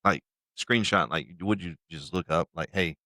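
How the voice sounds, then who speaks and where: A young man co-hosting a casual podcast chat, laid-back and halting, with lots of "uh" and restarts. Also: low voice, sharp tone, no room sound, clean studio sound. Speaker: fill-in co-host.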